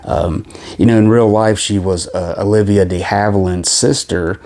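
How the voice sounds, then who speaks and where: A man's voice: on the low side, fairly even intonation, normal speed, a little mellow. A man casually reviewing movies from his collection, rambling with lots of fillers and restarts. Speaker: film collection vlogger.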